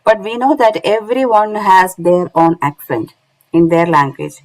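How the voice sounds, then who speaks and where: A woman's voice: lowish voice, steady tone, unhurried, darkish tone, rough recording. A woman teaching Quran recitation online in English with a non-native accent, explaining step by step and often checking with "isn't it?". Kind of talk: online lesson.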